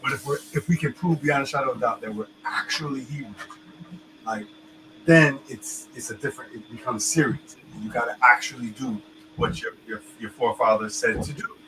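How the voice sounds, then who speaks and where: A man's voice: mid-range voice, normal speed, noisy background. A man talking in a loose, emphatic way, full of slang and restarts, as co-host of a casual discussion.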